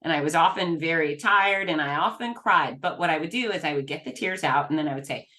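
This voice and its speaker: A middle-aged woman speaking as an interview guest, earnest and emphatic with frequent quick restarts. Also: low-pitched, sharp tone. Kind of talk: candid interview talk.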